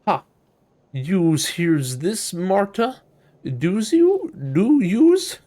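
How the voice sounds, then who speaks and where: A man's voice: high voice, big pitch swings, very slow, mellow, voice pushed up, full character voice. A man voicing an elderly, sour, batty woman who mutters to herself in a sing-song way. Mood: muttering.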